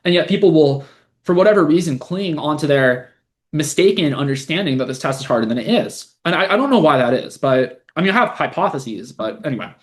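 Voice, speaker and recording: A man's voice: a little high, animated, fairly quick. A young man hosting a podcast, casually reading a post aloud and picking it apart in a blunt, sarcastic way, swearing freely. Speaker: podcast host, LSAT tutor.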